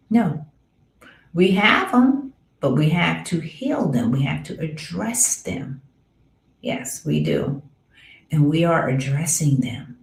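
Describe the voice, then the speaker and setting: A woman hosting a spiritual healing podcast who speaks earnestly, repeats phrases for emphasis, calls her listeners dear ones and sometimes drops into a soft whisper. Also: deep voice, slight background noise. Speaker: podcast host, spiritual healer. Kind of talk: slow, earnest spiritual talk. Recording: roomy, echoey sound.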